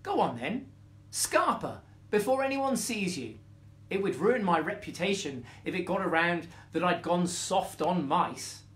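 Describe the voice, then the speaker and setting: A man's voice: sits high, big pitch swings, a little slow, fairly bright tone, full character voice. A man voicing a proud, grumpy lioness in a bedtime story, haughty and scornful. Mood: gruff.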